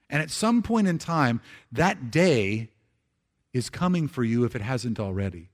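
A man giving a conversational sermon in church, slowing for scripture and dropping soft for emphasis, with frequent restarts. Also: on the high side, animated. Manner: repeats words and restarts phrases. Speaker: pastor.

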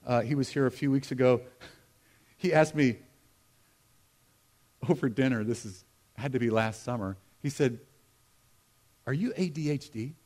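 A middle-aged man from the United States delivers a sermon in a church. His tone is conversational and humorous, with quick asides to the congregation. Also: medium pitch, darkish tone. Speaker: pastor. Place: church sanctuary.

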